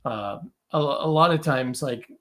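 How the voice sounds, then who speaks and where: A man's voice: medium pitch, normal speed, fairly bright tone. A man talking as a podcast guest in casual conversation, chatty and loose, full of fillers and quoted asides.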